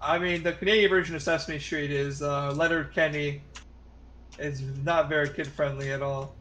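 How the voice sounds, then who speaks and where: A man's voice: a little high, fairly even intonation, moderate pace, a bit bright, a little hiss or hum. A man chatting casually with friends while playing an online game, rambling and restarting his sentences. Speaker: gamer in voice chat. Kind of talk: casual chat while gaming.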